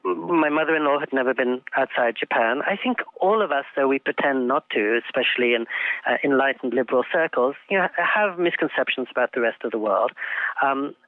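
A man's voice: mid-range voice, animated, no room sound. An older man from England talks through an interview in a thoughtful, articulate way, with frequent ums as he gathers his thoughts. His voice comes through a tinny, narrow phone line. The sound is dry, with no room around it. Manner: thoughtful, articulate, halting with fillers. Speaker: interview guest. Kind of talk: reflective interview conversation.

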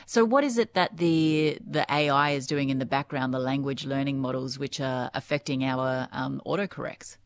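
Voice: mid-range voice, moderate pace, hardly any pauses. A radio host leading a talkback segment, chatty and playful.

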